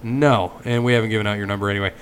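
A man's voice: on the low side, steady tone, racing, a little hiss or hum. A man hosting a casual sports podcast, chatting and reading sponsor plugs in a loose, joking way. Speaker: podcast host.

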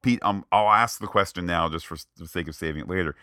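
On a casual movie review podcast, this co-host talks fast in a deep voice, animatedly performing quoted lines. The audio is studio quality with no echo.

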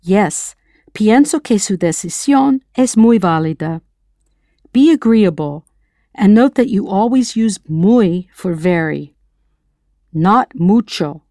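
A patient, encouraging American woman leads a scripted audio language lesson, prompting the listener to answer. Her voice sits at a middle pitch. The sound is close and dry, with no room around it. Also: warm tone, dry recording. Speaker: language teacher.

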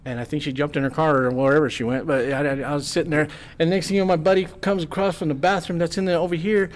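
A man with a slightly raised voice tells a crude party story in loose, casual chat. He swears freely and slips into quick impressions of the people in it, keeping the energy animated throughout. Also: a little high. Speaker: podcast guest.

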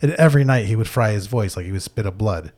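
Laid-back Mohawk-accented man, lowish voice. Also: animated, quick pace, darkish tone. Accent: Mohawk English. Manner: laid-back, swears a lot, laughs often. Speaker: podcast co-host. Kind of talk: casual chat.

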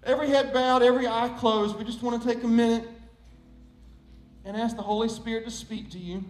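A male pastor preaching a sermon, quick and animated, easing into a soft prayer. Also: extremely high pitch, faint music behind. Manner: fast, animated storyteller, dropping to soft prayer. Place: church. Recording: roomy echo.

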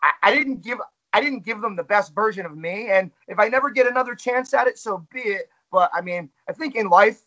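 A man's voice: high-pitched, fairly quick, bright, forceful tone, dull audio. A man who works as a wrestling ring announcer, talking candidly and self-critically in a casual interview.

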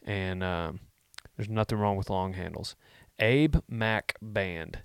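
Guy hosting a vlog, low voice, deadpan jokes, wanders off on tangents. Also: slow pace, gravelly, smooth, no echo, clean studio sound. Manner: joking, deadpan, wandering asides. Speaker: vlog host answering viewer questions. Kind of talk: casual rambling chat.

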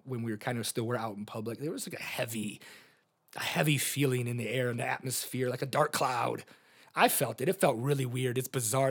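A man in his thirties hosting a podcast, telling personal stories in an earnest, open-hearted way. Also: medium pitch. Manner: earnest, open about feelings, storytelling with fillers. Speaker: podcast host. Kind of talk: personal reflective monologue.

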